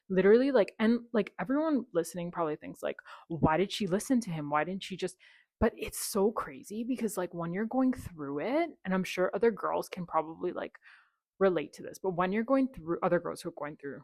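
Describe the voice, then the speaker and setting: A woman in her thirties, a podcast guest telling a personal story in a candid, animated way, acting out quoted dialogue and saying "like" often. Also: on the low side, brisk, creaky, no echo, studio quality.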